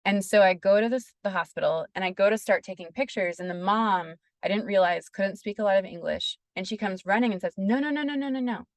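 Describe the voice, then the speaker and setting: Woman guest, interview storytelling, gravelly fry, dry close sound, earnest and chatty. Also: mid-range voice, brisk, few pauses, no room sound. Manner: earnest, peppers speech with "like". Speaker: podcast guest.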